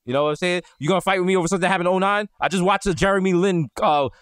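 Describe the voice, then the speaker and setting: A man's voice: high voice, rapid-fire, fairly bright tone, clean tone, no room sound. A man from the Bronx with a New York accent, co-hosting a podcast from home in loose, slangy, joking chat. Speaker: podcast co-host. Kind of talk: casual comedic chat.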